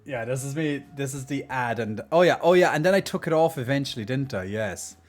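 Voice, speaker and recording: A man chatting casually on a live stream with a mid-range voice, cheeky and quick to laugh at his own jokes. He trips over his words and restarts often. Faint music plays in the background. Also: medium pitch, expressive.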